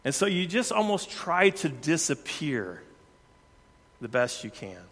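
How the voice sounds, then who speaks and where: A man preaching a sermon, earnest, shifting his pace and loudness for emphasis. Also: a little high, very animated, a little slow. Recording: long hall reverb.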